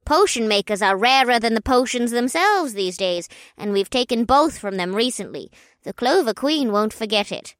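A grave young woman delivering an ominous warning, as a man voices her up high. Her pitch rises and falls in lively swings, and her timbre differs from the narrator's. The delivery stays serious and measured, with a dry, close sound. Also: no room sound.

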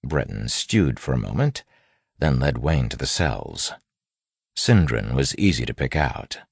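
A man reading an audiobook narration in a measured way. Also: a bass voice, big pitch swings, vocal fry, breathy edge, no room sound.

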